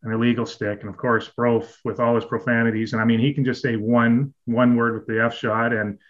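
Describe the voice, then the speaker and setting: A man's voice: mid-range voice, little pitch movement, brisk. A man, a former hockey goalie and podcast guest, telling rambling stories in a casual way, with restarts and chuckles. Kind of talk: casual anecdotal storytelling. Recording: dull, lo-fi audio.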